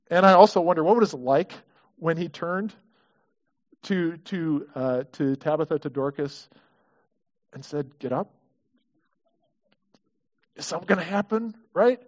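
A man's voice: fairly high pitch, expressive, unhurried, long pauses, dull audio. Conversational man preaching a sermon. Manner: conversational, acts out quoted prayers, frequent restarts. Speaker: pastor.

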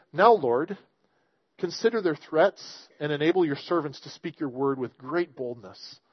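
A man preaching a sermon in a fairly high voice, earnest and emphatic as he reads scripture and explains it. The sound is dry and a little dull. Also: no echo. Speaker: pastor.

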